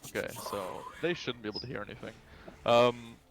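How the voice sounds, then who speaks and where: A man's voice: mid-range voice, steady tone, fairly quick. A man running a tabletop game over voice chat, narrating in a rambling, casual way with lots of fillers and swearing. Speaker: game master. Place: home, online voice chat.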